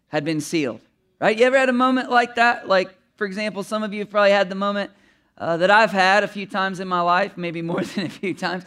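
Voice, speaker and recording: High-voiced pastor telling a funny story. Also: male voice, fairly bright tone, clear, resonant tone. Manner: conversational and humorous, asks the audience questions, often chuckles. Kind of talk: sermon with personal storytelling.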